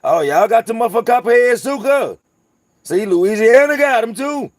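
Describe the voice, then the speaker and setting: The host of this channel is a North Carolina man with a Southern accent and a very high, expressive voice. He talks at a moderate pace, profane and casual, rambling through stories for his livestream viewers, with no echo in the recording.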